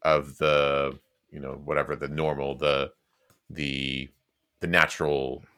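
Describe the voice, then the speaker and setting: A man co-hosting a podcast in casual chat, halting and restarting often with lots of "you know". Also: extremely low pitch, level tone, pushed and bright, smooth. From Texas. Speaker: podcast co-host.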